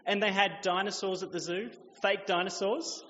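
A man in his thirties, a pastor telling a lively story in his sermon and acting out children's voices, recorded in a church. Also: high voice, normal speed, slight background noise. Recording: echoey hall, dull lo-fi sound.

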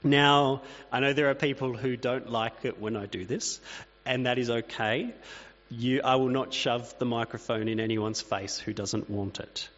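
A man's voice: medium pitch, steady tone, unhurried, fairly bright tone. A man giving a sermon in a plain, conversational way, with casual asides to the congregation. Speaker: pastor. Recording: dull reverberant hall recording with mains hum.

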